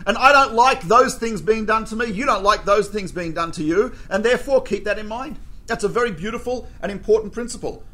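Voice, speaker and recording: A man's voice: sits high, a little fast, bright, forceful tone. A man giving a Torah lesson who teaches through anecdotes and keeps checking in with a rhetorical "right?". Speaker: religious teacher.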